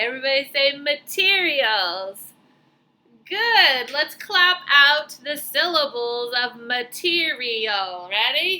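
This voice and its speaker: A woman teaches young children in a very bright, fairly high voice. She speaks slowly and clearly, leading the class through spelling and clapping out words. A faint hiss sits under her voice. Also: low-quality recording. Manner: slow, clear and encouraging, spells and claps out words.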